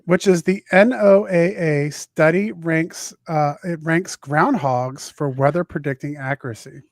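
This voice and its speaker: A man with a Southern US accent hosting a podcast, reading news stories aloud in a halting way with many filler sounds. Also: on the high side, no echo. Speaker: podcast host.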